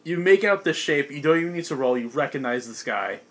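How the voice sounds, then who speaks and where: A young man with a slightly high, expressive, somewhat bright voice narrates as game master for a tabletop game with friends. He keeps it casual, laughs often, and drops quick voice snippets for the monsters.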